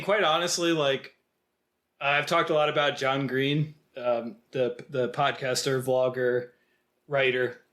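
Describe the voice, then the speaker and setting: Speaking in a medium-pitched, slightly bright voice, this film podcast co-host wanders through casual talk, his sentences cluttered with "like" and similar fillers.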